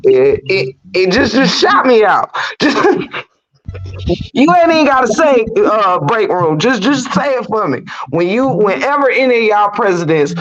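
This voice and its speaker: A man hosting an online panel, joking excitedly and laughing often. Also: high voice, a little slow. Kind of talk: casual chat. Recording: dull, muffled audio.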